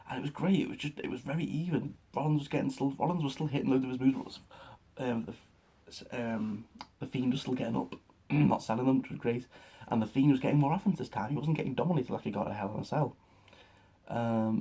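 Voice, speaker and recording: A young man excitedly recapping a wrestling show in a rambling, casual way, with lots of fillers and swearing. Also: mid-range voice, creaky, husky. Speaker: wrestling reaction vlogger.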